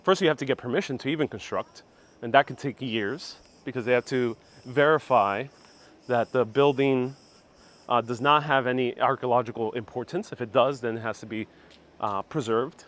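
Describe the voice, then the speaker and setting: A man's voice: mid-range voice, moderate pace, fairly bright tone. A man whose first language is Spanish hosts a live walking tour outdoors and reads viewer comments aloud in a casual, self-correcting way. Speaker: travel vlog host. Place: outdoors in old town streets. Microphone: phone on gimbal with clip-on mic.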